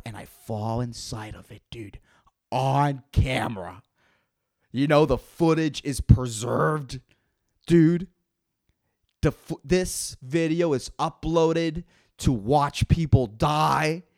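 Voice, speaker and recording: A young man hosting a casual solo podcast, rambling and swearing emphatically as he rants. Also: fairly high pitch. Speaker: podcast host.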